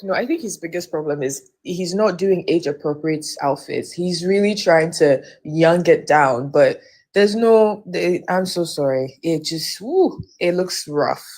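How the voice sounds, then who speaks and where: Blunt, opinionated low-pitched woman. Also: measured pace, a little mellow. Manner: blunt, opinionated, asks to be heard out. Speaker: guest. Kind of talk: casual livestream chat.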